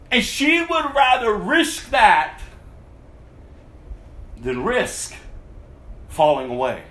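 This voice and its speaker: A man preaching a sermon to his congregation, impassioned, swinging from hushed to loud. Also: sits high, wildly swooping pitch, extremely slow, long pauses. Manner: addresses the congregation directly. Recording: echoey room.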